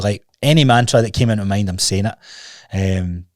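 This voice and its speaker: A man's voice: on the low side, moderate pace, dry recording, studio quality. A man hosting his own podcast, telling a personal story in a candid, rambling way, restarting sentences and swearing casually. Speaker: podcast host. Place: recording studio.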